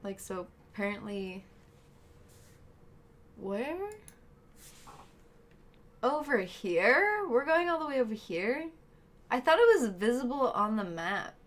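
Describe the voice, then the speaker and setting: A woman's voice: on the high side, very animated, takes it slowly, long pauses. A woman streaming herself playing a video game, chatting casually with viewers and friends in the room.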